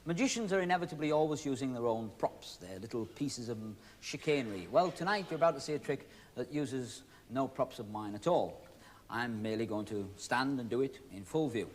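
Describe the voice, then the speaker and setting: A man's voice: medium pitch, lively intonation, a little fast, slight background noise. A male magician hosting a TV show, talking through a trick with jokey, teasing patter to audience volunteers. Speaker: magician host. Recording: 1970s TV broadcast with audience. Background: studio audience.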